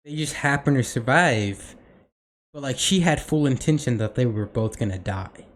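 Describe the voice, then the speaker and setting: A man's voice: mid-range voice, expressive, normal speed. A young man co-hosting a podcast in casual chat, rambling with many fillers and restarts. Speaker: podcast co-host.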